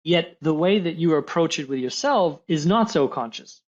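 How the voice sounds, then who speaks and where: Male coach guest, expressive and animated, slightly muffled lo-fi recording. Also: fairly high pitch, moderate pace. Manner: animated, acts out voices of others in examples. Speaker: high-performance coach, podcast guest. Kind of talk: coaching conversation.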